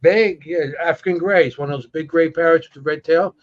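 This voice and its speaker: Halting man on muffled audio. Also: a little high. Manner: halting, rambling, with many restarts. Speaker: co-host. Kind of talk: casual chat.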